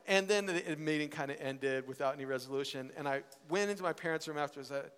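A man, a worship leader, telling a personal story with animated, laughing delivery and acting out family members. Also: a little high, fast, hardly any pauses, smooth. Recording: reverberant hall.

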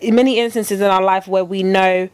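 A woman's voice: mid-range voice, steady tone, a little fast, a little mellow, clear, resonant tone. A woman co-hosting a casual podcast chat, who laughs often and chimes in with agreement. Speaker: podcast co-host.

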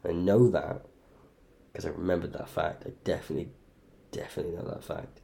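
Low, dark-voiced sweary man. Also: steady tone, brisk, creaky. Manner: sweary, loudly incredulous outbursts. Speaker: podcast host ranking fighters. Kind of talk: casual podcast chat.

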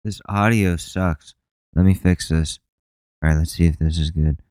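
A man's voice: low voice, fairly even intonation, moderate pace, a little mellow, dry recording, studio quality. A man hosting a casual podcast, rambling and swearing with a sarcastic edge. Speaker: podcast host. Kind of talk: casual commentary.

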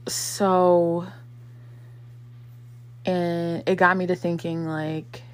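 Speaking very slowly in a low, level tone, this vlogger is a woman in her thirties. She reflects casually in a personal vlog, using plenty of fillers and acting out the quotes she relates.

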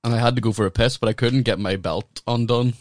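A man's voice: mid-range voice, fairly even intonation, fast, a little mellow, dry recording, studio quality. A man, a comedian and podcast co-host, telling rambling, profane stories in a casual chat over a video call.

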